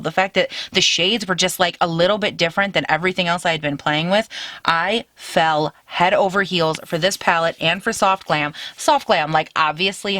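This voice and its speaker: A young woman chatting to camera in a gushing, animated makeup review. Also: lowish voice, no echo. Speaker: beauty vlogger.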